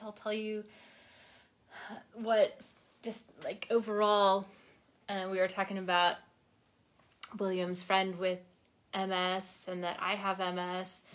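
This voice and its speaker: A woman hosting a worship livestream, reading a devotional aloud and chatting casually, her voice soft and sometimes dropping to a whisper. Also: medium pitch. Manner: soft-spoken, drops to whispers on phrase ends; chatty, reads viewer comments aloud. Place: home livestream.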